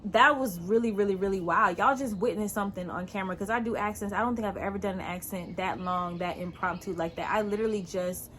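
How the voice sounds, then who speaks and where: A woman hosting her show, chatting casually to camera in an excitable way, laughing and addressing her viewers as "y'all.". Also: medium pitch, quick pace, few pauses, slight background noise. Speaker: host.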